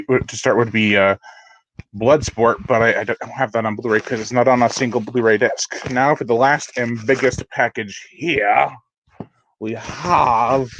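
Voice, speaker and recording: A man's voice: mid-range voice, lo-fi sound, a little hiss or hum. Rambling man hosting a live unboxing. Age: adult. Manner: rambling and self-deprecating, with chuckles and restarts. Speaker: horror channel host. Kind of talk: casual live unboxing chat.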